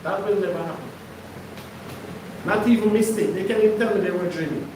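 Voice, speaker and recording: A man's voice: sits high, a little fast, noisy background. A man preaching to his congregation, emphatic and conversational, often putting questions to the listeners. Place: congregation hall. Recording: echoey room, mic far off.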